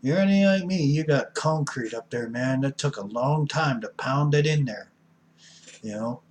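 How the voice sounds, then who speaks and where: A little hiss or hum sits under this middle-aged man's medium-pitched voice at normal speed. Speaking as an addiction counselor, he gives a blunt, folksy, preachy recovery talk, suddenly hammering certain words loudly.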